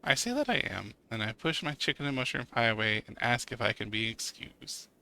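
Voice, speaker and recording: A man's voice: medium pitch, very animated, brisk, gravelly, bright, forceful tone. A man streaming a narrative game, reading its text aloud with casual commentary and swearing. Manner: swears and laughs while reacting.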